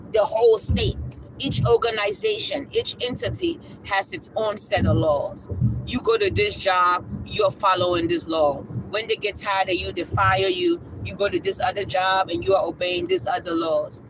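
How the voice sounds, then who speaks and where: A livestream spiritual speaker preaching with passion, emphatic and repetitive, often tagging questions onto a point and now and then rising to a shout. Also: medium pitch, noisy background.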